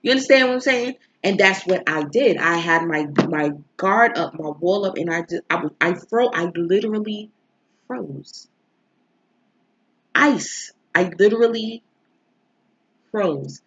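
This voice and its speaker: A woman's voice: lowish voice, expressive, moderate pace, hardly any pauses, fairly bright tone, highs cut off, a little hiss or hum. A woman, an astrology and tarot reader, talking in a rambling, emotional way with a stuffy nose from crying, throwing in rhetorical asides. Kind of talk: casual confessional vlog chat. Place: home.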